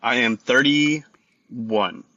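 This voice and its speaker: Bright-voiced man on a phone line. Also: medium pitch, no echo. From Texas. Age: 30s. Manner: polite, halting, with restarts. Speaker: caller. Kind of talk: phone call to a radio show.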